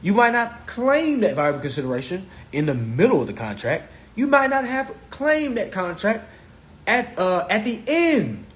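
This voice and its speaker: A man's voice: sits high, big pitch swings, moderate pace, a bit bright. A man giving a casual live-streamed teaching, emphatic and repetitive, with rhetorical questions and blunt profanity.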